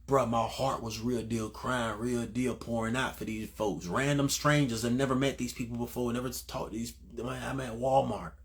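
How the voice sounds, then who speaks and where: A man's voice: medium pitch, steady tone, normal speed, few pauses. A man preaching in a casual, conversational way, telling a personal testimony, repeating phrases for emphasis and calling listeners bro and man.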